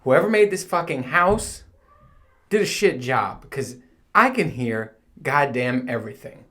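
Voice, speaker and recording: A man's voice: medium pitch, sing-song, measured pace, bright, forceful tone. A man hosting his podcast from home, chatting casually in a rambling, profane way and laughing at himself. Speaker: podcast host. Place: home room. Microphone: home recording setup.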